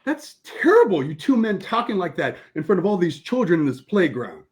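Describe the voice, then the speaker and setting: A man's voice: sits high, sing-song, brisk, voice pushed up. A man voicing a prim, scolding older woman who is shocked in a joke. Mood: indignant. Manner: indignant scolding.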